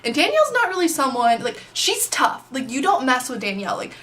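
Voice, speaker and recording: A young adult woman telling a story on her vlog, chatty and animated, with plenty of filler words. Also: high-pitched, a little fast, a little hiss or hum. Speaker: vlogger. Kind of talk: casual storytime.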